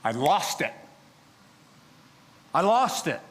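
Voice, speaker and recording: A male preacher delivers a theatrical sermon, telling the story in character in the first person. His voice sits a little high and leaps around expressively. He drops to hushed pleading, then rises into loud, exasperated outbursts. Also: big pitch swings, slow pace. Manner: theatrical, speaks in character as the prophet.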